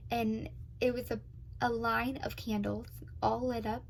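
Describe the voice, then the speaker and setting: A woman's voice: a little high, level tone, measured pace, creaky, a little hiss or hum, rough recording. A young adult woman telling her personal love story in an earnest, emotional way, with many ums and moments where she gets tearful.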